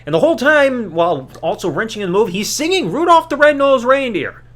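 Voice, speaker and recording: A man's voice: extremely high pitch, very animated, fairly quick, a bit bright. A man hosting a podcast, recapping a wrestling show in casual commentary with sarcastic asides and mocking quoted voices. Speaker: podcast host.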